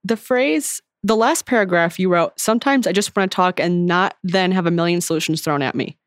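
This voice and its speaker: A woman's voice: lowish voice, a little fast, clear, resonant tone, dry recording, studio quality. A woman co-hosting an advice podcast, talking in a chatty, filler-heavy casual way. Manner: chatty, full of "like" fillers and laughs. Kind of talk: casual chat.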